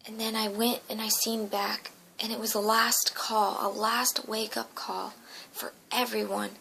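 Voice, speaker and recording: A woman's voice: medium pitch, vocal fry, fairly bright tone, slight background noise, low-quality recording. A woman earnestly recounting a dream as a personal testimony, emotional and often dropping into a whisper.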